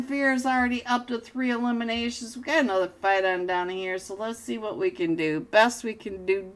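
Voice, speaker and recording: A young adult woman live-casting a mobile battle royale match, excitable and self-mocking, jumping between play calls and chat with viewers. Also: fairly high pitch, a little fast, hardly any pauses. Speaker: esports caster. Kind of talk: live game commentary.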